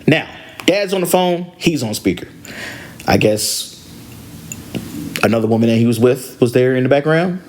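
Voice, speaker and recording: A man hosting a podcast, casually telling a story from driving rideshare, animated and full of slang. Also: mid-range voice, normal speed, long pauses, a little hiss or hum. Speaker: podcast host and rideshare driver.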